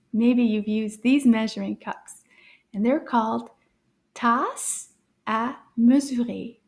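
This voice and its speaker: High, slow-speaking cheerful woman teacher. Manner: cheerful and encouraging, repeats words slowly and clearly; drops into hushed whispers for surprises. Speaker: French teacher for children. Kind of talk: children's language lesson.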